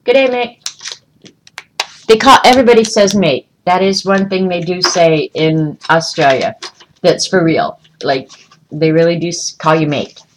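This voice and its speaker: A woman chats on a home livestream, showing off her things. She rambles easily and calls out to viewers by name. Her voice sits a little low. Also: normal speed, a little hiss or hum, rough recording. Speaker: vlogger showing travel souvenirs. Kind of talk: casual livestream chat. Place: room at home.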